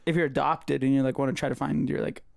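A man's voice: medium pitch, flat delivery, fast, vocal fry, darkish tone. A man joining a casual podcast chat, musing aloud in a hesitant way.

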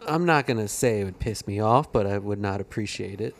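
A man's voice: lowish voice, brisk. A man guesting on a podcast in casual chat, laid-back and hesitant, often trailing off. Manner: laid-back, hesitant, says "I don't know" a lot.

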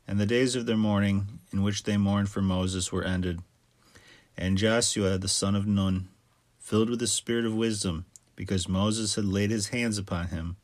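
A man reading scripture aloud with a measured, steady cadence. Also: on the low side, no room sound. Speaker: scripture reader.

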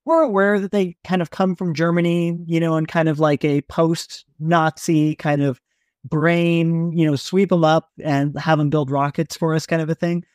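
Podcast co-host, man, talkative and restarting, bright-ish pitch, dry booth. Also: level tone, normal speed, dry recording. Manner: rambling, restarts often, laughs easily. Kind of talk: casual book discussion.

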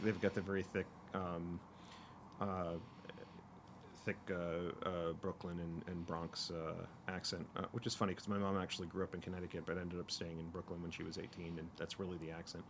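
Deep-voiced man telling rambling stories. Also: noisy background. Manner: rambling storyteller, many fillers and restarts. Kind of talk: casual chat.

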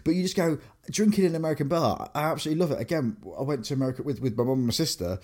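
A young English man, co-hosting a podcast, telling animated stories in casual chat with many restarts. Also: fairly high pitch, very fast. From England. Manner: animated storyteller, lots of fillers and restarts. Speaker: podcast co-host.

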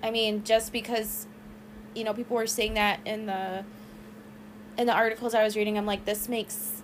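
A woman's voice: on the high side, level tone, normal speed, a little hiss or hum. A young woman co-hosting a casual true-crime podcast, agreeing often and searching for her words as she shares her ideas. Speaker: podcast co-host.

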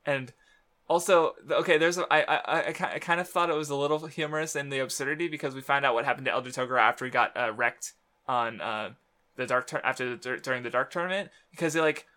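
Male co-host, bright and forceful, loose rambling delivery packed with fillers and chuckles. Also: mid-range voice, quick pace. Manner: rambling, filler-heavy, laughs often, swears. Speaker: podcast co-host. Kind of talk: casual chat about manga.

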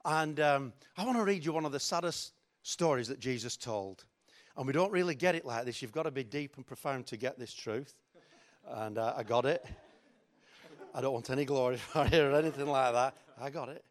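A man's voice: medium pitch, brisk. A middle-aged man preaching a sermon in a chatty, joking, self-mocking way. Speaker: pastor.

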